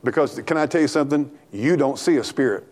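A man preaching an animated, folksy sermon in church, talking back and forth with the congregation and laughing along. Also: mid-range voice, quick pace. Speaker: pastor.

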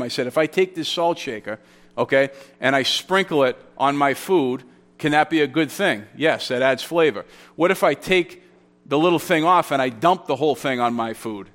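A man's voice: medium pitch, fairly bright tone. A man preaching an expository sermon, explaining Greek grammar and telling a story in a conversational, teaching way, often repeating phrases. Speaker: pastor.

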